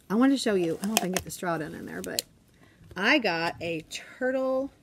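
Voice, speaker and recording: Chatty teacher woman, low voice. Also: slight background noise. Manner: chatty, often drops to a hushed whisper. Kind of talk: casual classroom vlog chat. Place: classroom.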